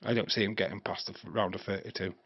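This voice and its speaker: A man's voice: deep voice, steady tone, fast talker, gravelly, slightly rough, dry recording. A man, hosting a live stream with crude jokes, rambling chat and frequent laughter. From England. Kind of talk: casual live watch-along chat. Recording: dry, slightly dull stream mic.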